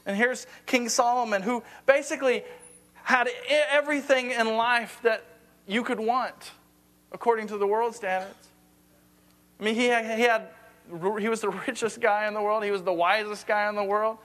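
A man preaching a conversational sermon, earnest, often sinking to a hushed low voice for emphasis and repeating words as he thinks. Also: steady tone, moderate pace. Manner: repeats words as he gathers thoughts.

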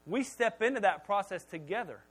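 Male pastor, high voice, lively storytelling sermon with jokes, stumbles over his starts. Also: brisk, husky, poor audio. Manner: animated storytelling with humor; repeats words when starting sentences.

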